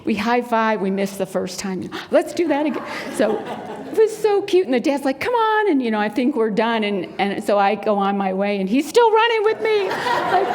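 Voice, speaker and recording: Woman preaching, lively storyteller, somewhat high voice, long echo of a hall. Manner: animated storyteller, acts out quotes in a high bright voice. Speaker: spiritual center speaker. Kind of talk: sermon talk with storytelling. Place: spiritual center sanctuary.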